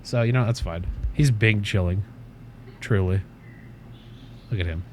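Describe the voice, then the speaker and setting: A man's voice: fairly low pitch, unhurried, a little hiss or hum. A man hosting a casual livestream from his desk at home, rambling, swearing offhandedly and cooing at his cat. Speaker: livestream host.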